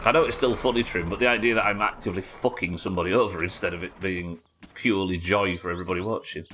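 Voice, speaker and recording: A man's voice: deep voice, steady tone, quick pace, a bit bright, slight background noise. A man streaming a game live, chatting casually with his viewers and co-players, swearing now and then as he answers their questions. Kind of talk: live gaming stream chat.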